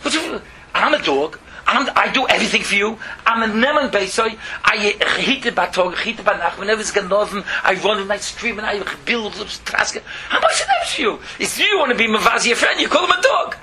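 Man putting on a high, fast, shouting dog, loyal and offended. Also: sing-song, exaggerated voice. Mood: indignant. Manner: shouting, laughing, pleading. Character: indignant loyal male dog, complaining loudly.

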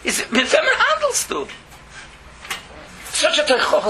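Animated, gravelly man. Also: very high-pitched, moderate pace, slight background noise. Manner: animated, repeating phrases, mixing languages. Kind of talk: storytelling Torah talk.

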